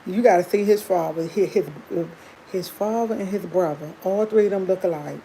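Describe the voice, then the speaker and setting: A woman's voice: mid-range voice, normal speed, warm tone, a little hiss or hum, poor audio. A woman hosting a livestream, chatting candidly to her viewers and laughing often as she tells a personal story. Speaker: livestream host.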